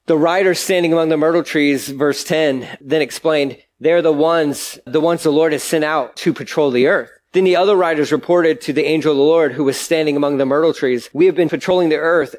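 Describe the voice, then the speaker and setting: A male pastor with a slightly high voice explains scripture in a conversational sermon, keeping it casual and chatty with everyday asides.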